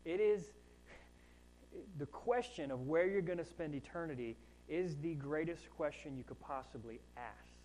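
A man's voice: on the high side, moderate pace, darkish tone, a little hiss or hum, poor audio. A man preaching a sermon in a conversational way, with asides and rising emphasis on key points. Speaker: pastor.

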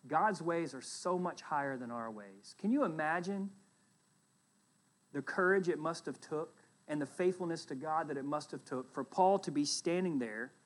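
A pastor preaching a Sunday sermon in a fairly high-pitched voice. He tells the scripture story with strong swings in loudness, pressing hard on key phrases and then falling to quiet asides.

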